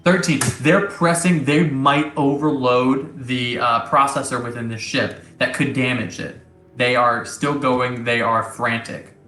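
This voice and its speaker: A man running a tabletop game as its game master, narrating casually with hesitant pauses. His voice is bright and forward, and the room gives it a clear echo. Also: mid-range voice, steady tone, faint music behind. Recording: echoey room.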